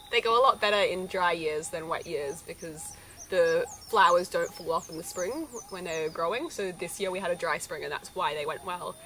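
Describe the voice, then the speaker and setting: A woman's voice: lowish voice, a little hiss or hum, low-quality recording. A young woman giving a chatty, enthusiastic vlog tour of her orchard outdoors. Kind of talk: casual vlog narration. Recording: background music under the voice.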